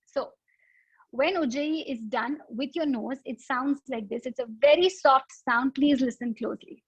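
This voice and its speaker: A woman with a high, light voice leads a yoga breathing lesson, patient and explanatory, using simple analogies. The sound is dry and close, with a slightly dull, lo-fi quality from an online session. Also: normal speed, dry recording. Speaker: yoga instructor. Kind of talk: guided breathing instruction.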